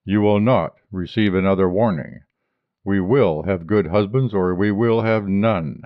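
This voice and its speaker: A man's voice: fairly low pitch, lively intonation, a little slow, no echo, highs cut off. A man reading the part of a commanding woman who speaks for avenging ghosts in a guttural, growling voice. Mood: grim, commanding.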